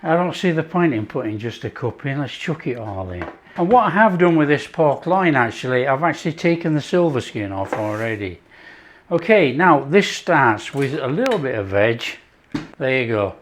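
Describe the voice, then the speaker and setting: A man's voice: medium pitch, moderate pace, a little hiss or hum. A man hosting his own cooking show, chatting casually as he prepares a dish. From not France. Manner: chatty, relaxed, talks while working.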